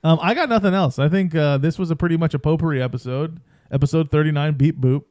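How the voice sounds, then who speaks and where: A man's voice: on the high side, fast, a little mellow, no echo, studio quality. A man co-hosting a casual podcast, rambling and hedging with lots of "like" and "I think". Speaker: podcast co-host. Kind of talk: casual chat.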